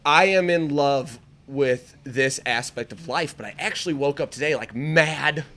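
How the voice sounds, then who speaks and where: His mid-range voice moves a little slowly. He's a Midwestern American co-hosting an easygoing podcast chat, swearing heavily. He's excitable and keeps laughing as he talks.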